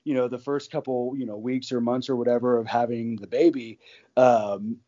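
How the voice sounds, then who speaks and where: A man talking sports casually, circling his point with fillers and restarts and breaking into laughs. His voice sits in a middle pitch. The audio is muffled and a bit dull. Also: little pitch movement, normal speed, mellow. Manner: rambling, many fillers and restarts, laughs often.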